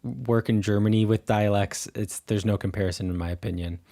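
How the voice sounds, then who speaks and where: A man's voice: fairly low pitch, fairly quick, vocal fry. Young american guy cohosting a podcast, lots of ums and restarts. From United States. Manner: relaxed, hesitant, many fillers and restarts. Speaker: podcast co-host. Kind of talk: casual chat.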